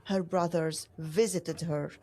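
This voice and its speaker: A woman's voice: low-pitched, takes it slowly. A woman whose first language is Arabic, co-hosting a casual podcast chat and telling stories expressively with frequent restarts. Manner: expressive storyteller, restarts and self-corrects often. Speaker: co-host.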